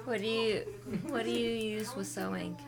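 A woman's voice: on the high side, steady tone, normal speed, gravelly, a crowd in the background. A woman in a casual chat who keeps quizzing her friends and doubting their answers. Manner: quizzing, skeptical. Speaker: podcast co-host. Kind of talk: casual banter.

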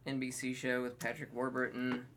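A man's voice: mid-range voice, completely flat delivery, normal speed, a bit bright, a little hiss or hum. A man in casual podcast chat, rambling and searching for words as he describes a TV show. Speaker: podcast co-host.

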